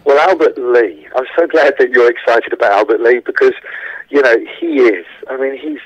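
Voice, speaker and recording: A man's voice: mid-range voice, normal speed, no room sound. A man, a musician guest chatting enthusiastically in a radio interview, talking with lots of restarts. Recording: dry, dull phone-line sound.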